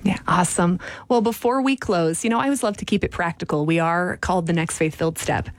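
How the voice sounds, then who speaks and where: A woman's voice: lowish voice, fast talker. A woman hosting a Christian podcast and radio interview, chatting in an encouraging, affirming way. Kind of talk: faith interview chat.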